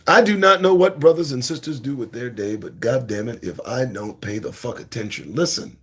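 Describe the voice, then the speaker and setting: A man's voice: medium pitch, brisk, a bit bright, breathy edge. A man hosting his own talk show, ranting bluntly and profanely at his listeners and urging them to pay attention. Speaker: host.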